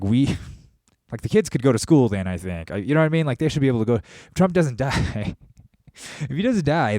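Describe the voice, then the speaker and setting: A man hosting a podcast, delivering a profane, rambling, animated monologue. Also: fairly low pitch, no room sound, clean studio sound. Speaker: podcast host. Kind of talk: casual monologue.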